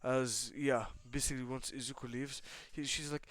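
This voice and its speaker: A man's voice: medium pitch, steady tone, normal speed, a bit bright. A young man telling a fan story in casual chat, rambling and swearing as he goes. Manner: rambling, many fillers and restarts, swears.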